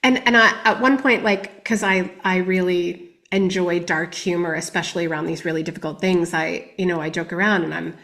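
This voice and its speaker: A woman giving candid personal testimony as a guest on a podcast interview, reflective and often speaking quietly. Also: fairly low pitch, fairly even intonation, a little fast, hardly any pauses.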